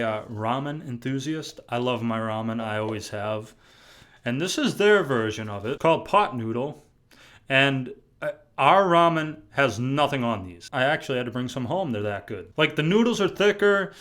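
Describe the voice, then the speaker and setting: A man's voice: mid-range voice, a bit bright. Chatty young man vlogging, swears casually. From New England. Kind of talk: casual talk to camera.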